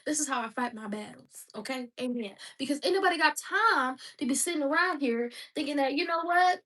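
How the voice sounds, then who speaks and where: Woman, high voice, passionate and preachy, repeats herself, a bit far from the mic. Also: expressive, fairly quick, hardly any pauses, a bit bright. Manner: passionate, preachy, repetitive exhortations. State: crying. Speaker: vlogger. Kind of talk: emotional faith-based monologue.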